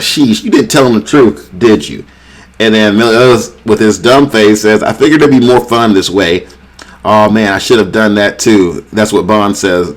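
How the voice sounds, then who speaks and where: A man giving a casual, rambling recap of a comic chapter, reading out character lines with lots of filler words. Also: fairly low pitch. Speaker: manga reviewer.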